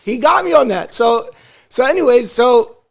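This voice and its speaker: Podcast guest, male, high voice, animated storyteller who voices everyone in his anecdotes. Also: normal speed, vocal fry. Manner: animated, acts out quoted dialogue; rambling with many restarts. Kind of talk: casual storytelling.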